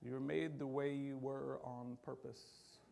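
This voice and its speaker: A man preaching a sermon in a church, talking in a conversational, animated way and acting out quotes along the way. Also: mid-range voice, measured pace, creaky. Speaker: pastor.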